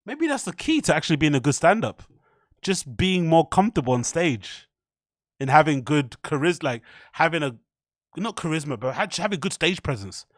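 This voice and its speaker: A man's voice: a little high, big pitch swings, moderate pace, no room sound, clean studio sound. Blunt British man hosting a stream. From United Kingdom. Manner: blunt, rambling, swears freely. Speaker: livestream host. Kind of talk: livestream reaction commentary.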